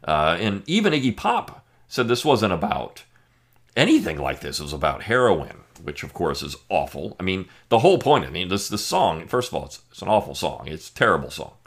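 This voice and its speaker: A man's voice: low voice, very animated, a little fast, fairly bright tone. A man hosting a podcast, giving an emphatic, sarcastic opinion monologue with frequent fillers. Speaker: podcast host.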